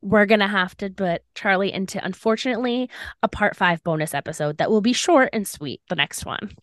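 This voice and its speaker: Talking a little fast in a mid-range voice, a young podcast co-host recounts a personal story in studio-quality audio without room sound. She's animated and casual, full of "like," and acts out the lines she quotes.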